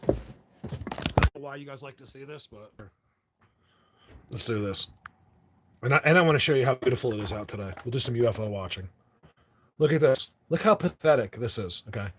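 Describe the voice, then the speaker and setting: A man's voice: medium pitch, animated, moderate pace, pauses often. A man hosting a casual live stream on his phone, rambling and joking about talking tough. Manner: rambling, talks tough in jest.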